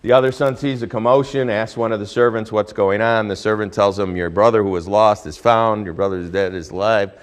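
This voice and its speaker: A male pastor preaching a sermon, telling a Bible story with lively swings between hushed and loud delivery. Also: fairly low pitch, a little fast, hardly any pauses.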